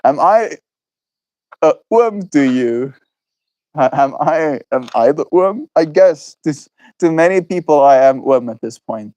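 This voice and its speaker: A South African man in his twenties, chatting with viewers in a slow, musing way during a stream. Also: a little high, lively intonation, warm tone, dry recording, dull audio. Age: 20s. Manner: slow, drawn-out and musing, laughs easily. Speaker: daily livestreamer. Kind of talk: reflective stream chat with viewers.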